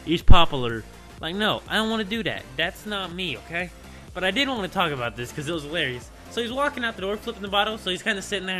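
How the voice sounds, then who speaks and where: Young male vlogger, slightly high and sharp-toned, excitable rambler with heavy filler words. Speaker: gaming channel host. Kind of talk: casual storytelling vlog.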